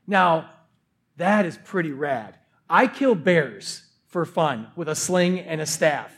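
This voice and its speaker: A man's voice: fairly high pitch, expressive, slow, a bit bright. A man preaching a casual, conversational sermon who often says "like". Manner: casual, conversational, uses "like" a lot. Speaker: pastor.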